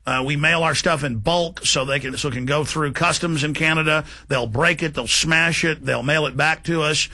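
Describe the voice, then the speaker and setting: A man's voice: fairly high pitch, steady tone. A man hosting a talk radio show, speaking in an indignant, emphatic way. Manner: forceful, indignant, fast and emphatic. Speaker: radio host.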